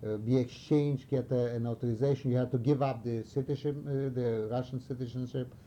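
An older man from Romania in an oral history interview, telling wartime stories haltingly as he searches for words, with some animated moments. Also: mid-range voice, a little hiss or hum. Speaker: interviewee recalling wartime past.

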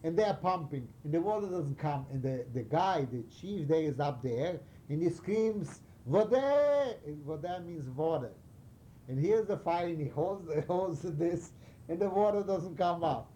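An older man from Romania in an oral history interview, telling wartime stories haltingly as he searches for words, with some animated moments. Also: fairly high pitch, a little hiss or hum. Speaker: interviewee recalling wartime past.

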